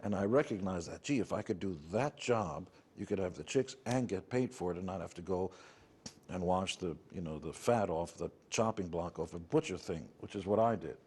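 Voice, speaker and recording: Low husky-voiced middle-aged New York man. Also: normal speed, a little mellow. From United States. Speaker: interview guest, rock musician. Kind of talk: candid conversational storytelling.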